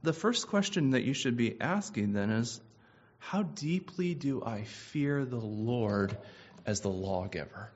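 Husky-voiced man preaching a sermon. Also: medium pitch, animated, a little slow. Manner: asks probing questions, repeats himself for emphasis. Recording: muffled lo-fi recording.

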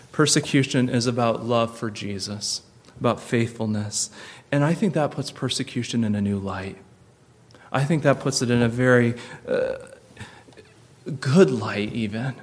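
A man preaching a sermon, earnest, slowing and softening for tender points and rising to emphatic peaks. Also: mid-range voice. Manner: drops soft and slow for tender points. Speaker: pastor.

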